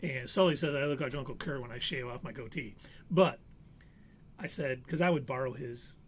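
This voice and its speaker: A man's voice: mid-range voice, moderate pace, breathy edge. A man on a live show casually telling a long anecdote, acting out the people in it. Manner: animated anecdote teller, acts out quoted voices. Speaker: podcast co-host. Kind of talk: casual storytelling chat.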